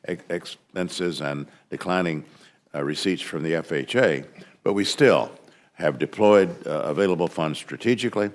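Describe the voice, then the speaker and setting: A man with a very deep voice gives formal testimony in a hearing room. He speaks haltingly, pausing on "uh" and "um" and restarting his words. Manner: halting, hesitant, many fillers and restarts. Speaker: subcommittee chairman testifying.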